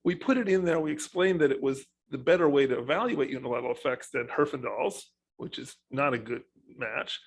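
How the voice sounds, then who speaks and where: A man speaking as an economist on a panel, telling his points with animated emphasis. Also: mid-range voice, fairly quick, husky, rough recording. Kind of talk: panel discussion.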